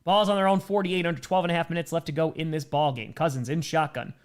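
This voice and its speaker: A man with a slightly higher-than-average voice calls each play as it happens, in a steady broadcast rhythm. Between downs he drifts into casual chat and reads viewer comments aloud. He sounds close to a desk mic at a home streaming setup. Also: fast talker. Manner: calls plays in a running broadcast cadence, then reads viewer messages. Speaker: live stream host doing play-by-play.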